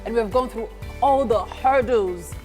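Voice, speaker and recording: A woman co-hosting a live morning TV show, who presents briskly and teases her co-host. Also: on the high side, a little mellow, faint music behind. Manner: playful, teasing, brisk presenter delivery. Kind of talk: live breakfast TV banter.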